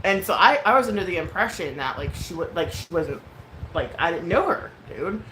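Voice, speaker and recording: A woman's voice: lowish voice, animated, a little fast, fairly bright tone. A woman in her thirties telling a story in a casual rant, frank and profane, with lots of fillers. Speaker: vlogger. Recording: echoey room with clear background noise.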